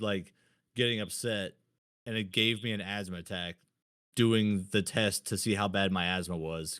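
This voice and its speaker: A man's voice: lowish voice, a bit bright, no echo, clean studio sound. A man in his thirties, co-hosting a podcast, telling childhood stories in a casual, blunt, self-mocking way with plenty of swearing. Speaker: podcast co-host. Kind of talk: casual storytelling chat.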